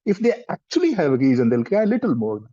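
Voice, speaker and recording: Man, counseling trainer; gentle, explanatory delivery, warm husky tone. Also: on the high side, sing-song, quick pace. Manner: gentle, explanatory, mixes in Hindi words. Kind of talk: explaining in a live workshop. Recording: dull lo-fi sound.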